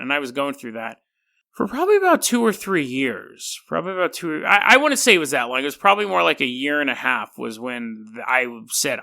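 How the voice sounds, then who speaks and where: A man in his thirties hosting a podcast, telling stories in an animated, rambling way and laughing often. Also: mid-range voice, fairly quick, vocal fry. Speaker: podcast host. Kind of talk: casual podcast monologue.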